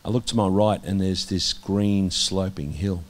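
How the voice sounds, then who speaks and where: Deep-voiced Australian man, earnest testimony. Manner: earnest, halting, many restarts, drops soft when quoting God. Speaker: interviewee, minister. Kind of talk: candid conversational testimony.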